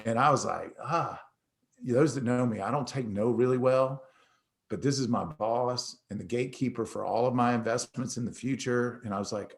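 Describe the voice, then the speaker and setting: A man's voice: medium pitch, moderate pace. A middle-aged man hosting a talk, telling a personal story in a casual, conversational way and acting out the dialogue. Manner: animated storyteller who acts out dialogue. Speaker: host.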